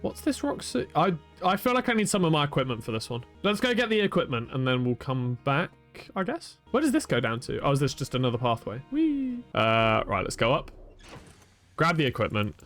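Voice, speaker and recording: Animated man streaming a game. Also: medium pitch, brisk, faint music behind. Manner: animated, chatty and self-mocking. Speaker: streamer playing a video game. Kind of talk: live gameplay commentary.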